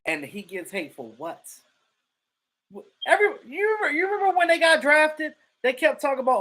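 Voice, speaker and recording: A livestream host gives casual sports commentary and answers viewers in chat. The delivery is emphatic and profane, with points hammered home by repetition. The voice is bright and forceful and swings widely in pitch. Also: very animated, brisk. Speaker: live stream host reading chat.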